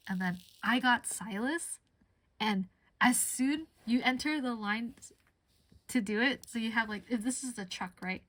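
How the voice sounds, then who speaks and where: A woman's voice: a little high, a little slow, fairly bright tone, no echo. A woman streamer chatting casually while crafting, giggly and laughing often as she tells stories.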